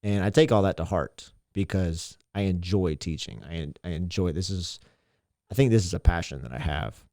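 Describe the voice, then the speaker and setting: A man's voice: sits low, moderate pace, gravelly, darkish tone, no room sound, studio quality. A man, a teacher and mentor, talking earnestly and reflectively in a casual interview, often repeating himself. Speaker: teacher and mentor, podcast guest.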